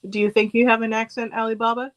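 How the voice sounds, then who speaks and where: A woman co-hosting a casual livestream chat, talking in a relaxed way and laughing easily. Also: on the high side, fast, poor audio.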